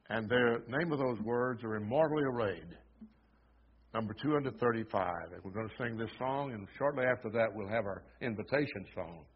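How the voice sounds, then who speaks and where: A man's voice: mid-range voice, husky. A man preaching a sermon at a church service, earnestly exhorting the congregation and reading scripture aloud. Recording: dull lo-fi sermon recording.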